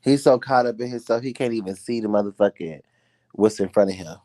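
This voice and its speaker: Low-voiced guy ranting on his live stream, cussing a lot, dry close sound. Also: fairly quick, dark tone, dry recording. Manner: blunt, profane, heated ranting. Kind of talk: casual commentary chat.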